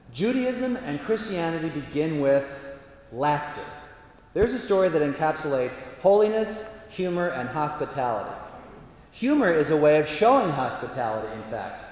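A man who is a priest, telling self-mocking stories in a chatty way with lively asides during a talk to an audience. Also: a little high, a little hiss or hum. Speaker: Jesuit priest giving a talk. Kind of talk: humorous storytelling talk. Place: large hall with a live audience. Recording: echoey hall from a distance.

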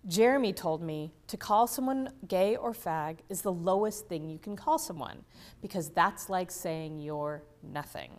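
An unhurried woman with a lowish voice gives a conference lecture, often breaking off to begin sentences again and repeating words as she does. She regularly checks in with the room using tag questions.

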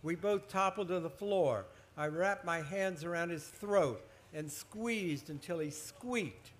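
A man, a children's author, reading his own horror story aloud at a book festival, expressive and building suspense. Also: sits high, takes it slowly.

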